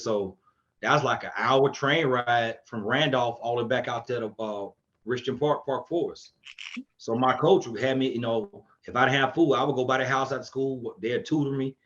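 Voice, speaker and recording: A man's voice: medium pitch, highs cut off. Man coach telling stories on a podcast. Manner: animated, acts out quotes in a raised voice. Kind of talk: casual storytelling chat.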